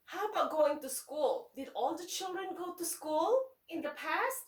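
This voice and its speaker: A woman teacher reading a picture book aloud to young children in slow, sing-song teacher talk, checking in with them often. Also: very high-pitched, animated, far from the mic. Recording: echoey room, voice away from the mic.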